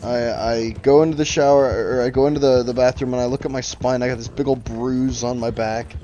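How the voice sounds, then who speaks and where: A man's voice: medium pitch, fairly even intonation, brisk, dark tone, highs cut off, a little hiss or hum. A man streaming a game, telling a long story in a casual, profane, rambling way over his mic. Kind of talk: casual gaming chat.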